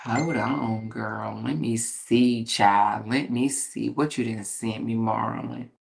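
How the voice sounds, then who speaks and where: A woman's voice: very deep voice, steady tone, slow, gravelly. A woman hosting a livestream, reading comments aloud in a blunt, sassy, profane way and laughing often.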